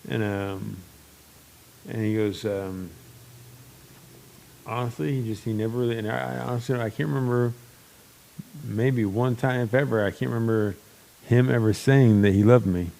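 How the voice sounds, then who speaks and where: A man's voice: mid-range voice, steady tone, moderate pace, creaky, pauses often, warm tone, slight background noise. A young man hosting a podcast, talking in a rambling, blunt and open way with many restarts. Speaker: podcast host. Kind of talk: casual chat.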